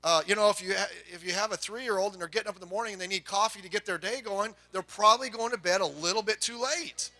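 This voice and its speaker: A middle-aged man preaching a sermon to a congregation, telling folksy family stories with quick asides. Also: high-pitched, pushed and bright. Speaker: pastor.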